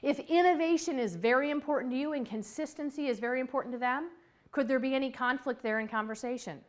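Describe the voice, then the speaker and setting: Lively woman giving a motivational talk. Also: sits high, quick pace. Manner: lively, chatty, laughs easily and acts out quoted voices. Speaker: speaker on workplace communication.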